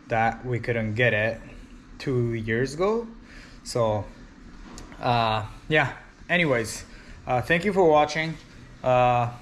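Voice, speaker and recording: Man, car wrap installer, workshop vlog, slow, halting, filler-heavy, faint background hum. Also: medium pitch, poor audio. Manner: halting, many fillers and restarts. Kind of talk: casual shop vlog narration.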